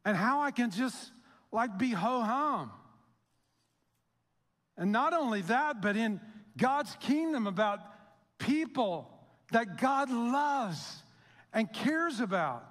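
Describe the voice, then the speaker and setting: A man's voice: very high voice, expressive, slow pace, long pauses, a bit bright. A middle-aged man preaching a sermon as pastor, chatty and storytelling, acting out the voices he quotes. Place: church sanctuary. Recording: long hall reverb.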